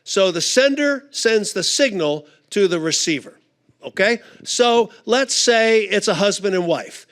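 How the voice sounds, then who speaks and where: A man's voice: high-pitched, measured pace. A middle-aged man speaking at a conference, telling a funny story and acting out the voices in it. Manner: animated storyteller, acts out voices. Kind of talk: humorous storytelling talk.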